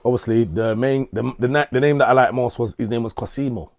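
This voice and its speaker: A middle-aged man talks through his story in loose casual chat. He circles back and repeats phrases, using plenty of street slang. The sound is dry and close, with a mid pitch for a man. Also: fast talker, darkish tone, dry recording. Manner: rambling, repeats himself, London street slang. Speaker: interviewee.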